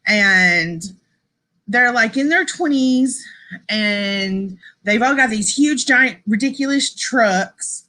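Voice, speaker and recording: Bright-voiced chatty woman streamer. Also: on the high side, slow pace. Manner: chatty, rambling, laughs often, says y'all. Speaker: live stream host. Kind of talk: casual live stream chat with viewers.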